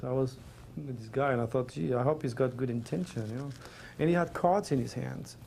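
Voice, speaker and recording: Gravelly man with a French accent. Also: medium pitch, fairly quick, warm tone, slight background noise. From Provence, France. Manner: earnest, rambling, emotional. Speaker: interview guest. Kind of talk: personal storytelling.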